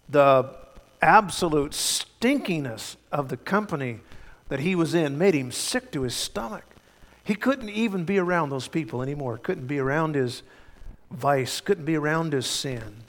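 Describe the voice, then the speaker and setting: A man preaching a sermon in a church, emphatic, swinging between loud and hushed. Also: fairly high pitch. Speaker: pastor. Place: church sanctuary. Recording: long hall reverb.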